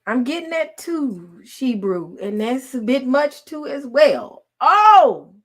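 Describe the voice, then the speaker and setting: A woman, telling a story in casual chat with her followers, laughing often and swinging from loud to hushed. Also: high-pitched, very animated, takes it slowly. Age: 40s. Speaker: online host talking to followers.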